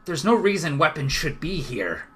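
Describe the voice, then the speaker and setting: A man voicing an earnest, proud male dwarf leader in a tabletop game who talks gruffly and says "aye". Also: on the high side, sing-song, moderate pace, crowd noise, pitched above the performer's own voice. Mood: bewildered.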